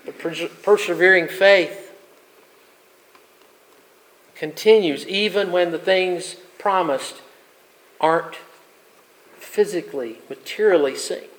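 High-voiced man preaching with swells. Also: unhurried, long pauses, rough recording. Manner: preaching with emphatic rising peaks and soft drops. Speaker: pastor. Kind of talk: sermon.

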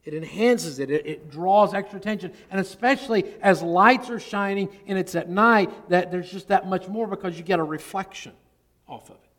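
A man with a notably high voice delivers an earnest expository sermon. He swells on important words and lets his phrases fall away quietly. The sound carries a long hall reverb. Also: normal speed. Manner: earnest, varies loudness, drops low at phrase ends. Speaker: pastor.

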